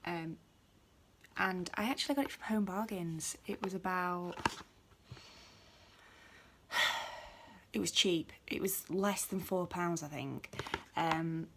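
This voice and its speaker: A woman's voice: fairly low pitch, vocal fry, background noise. A British woman in a chatty home vlog who rambles with lots of ums and mutters asides to herself, recorded on a phone. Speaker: beauty vlogger. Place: at home indoors. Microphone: phone camera.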